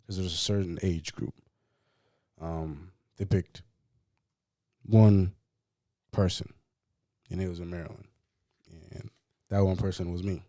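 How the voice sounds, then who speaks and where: A man co-hosting a podcast, telling a personal story in a casual, profane, animated way and acting out what others said. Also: low-pitched, measured pace, pauses often, no room sound, clean studio sound. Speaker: podcast co-host.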